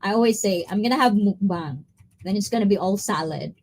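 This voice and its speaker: A woman from the Philippines, chatting casually on a live stream, greeting viewers by name and easily getting excited and giggly. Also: medium pitch, a little fast. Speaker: livestreamer reading chat.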